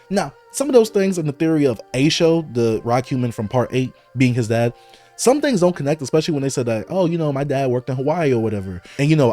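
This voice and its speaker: A man hosting a casual live read-along, thinking aloud and jumping excitedly into speculation. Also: mid-range voice. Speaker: host reading comics aloud.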